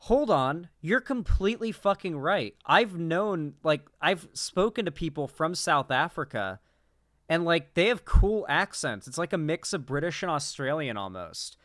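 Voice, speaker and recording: A man's voice: fairly high pitch, expressive, a little slow, a bit bright, dry recording, studio quality. Profane young man reacting on stream. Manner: profane, incredulous, rambling. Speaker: political commentary streamer. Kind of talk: casual reaction commentary.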